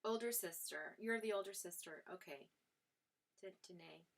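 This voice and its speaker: A woman's voice: lowish voice, animated, moderate pace, creaky. A woman hosting a live tarot stream, chatting with viewers in an affectionate way, calling them sweetheart and darling and laughing often. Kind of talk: casual live-stream chat and tarot reading.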